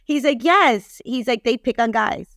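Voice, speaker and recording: A middle-aged woman, a relationship expert guest on a podcast, telling a story in a lively way and acting out quoted lines. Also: a little high, normal speed, gravelly, dry recording, clean studio sound. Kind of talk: casual podcast conversation.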